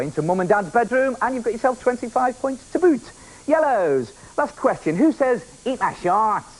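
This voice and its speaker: A man hosting a children's game show, playful and energetic, often shouting to the contestants. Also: high-pitched, low-quality recording. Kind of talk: lively TV game show presenting.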